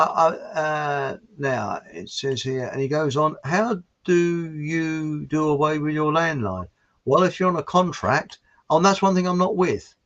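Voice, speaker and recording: A man's voice: mid-range voice, a bit bright. A man from southern England in rambling casual chat, telling long jokes and laughing at them. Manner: chatty, tells long jokes, laughs at own jokes. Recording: dull lo-fi sound.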